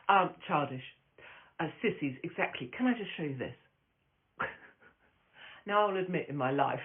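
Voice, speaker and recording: This foul-mouthed comedian chats casually on a phone live stream, brash and rambling with frequent laughter. She speaks low with vocal fry, and the phone camera gives the sound a thin, tinny quality.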